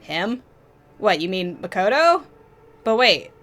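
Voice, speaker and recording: A woman's voice: medium pitch, big pitch swings, slow pace, a bit bright. A woman hosting a let's play, reacting emotionally to a story game and swearing freely. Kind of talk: casual gameplay commentary.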